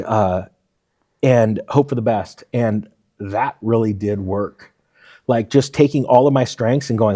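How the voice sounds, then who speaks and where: A man's voice: mid-range voice, moderate pace. A man in his forties, a former firefighter, telling stories in a casual interview and acting out the dialogue. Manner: animated storyteller, acts out quoted dialogue.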